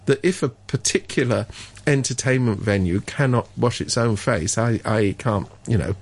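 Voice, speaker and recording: A man's voice: medium pitch, normal speed. A man giving blunt, sardonic opinions as a regular commentator on a radio talk show.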